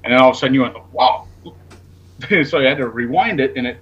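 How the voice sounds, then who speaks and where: A man with a husky, somewhat rough voice tells a story in loose, rambling fashion, now and then swearing. He plays out each back-and-forth himself, and the recording sounds dull and lo-fi. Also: medium pitch, expressive, fairly quick, a bit bright. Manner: rambling, acts out quoted dialogue, swears casually. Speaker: guest. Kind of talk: casual storytelling on a talk show.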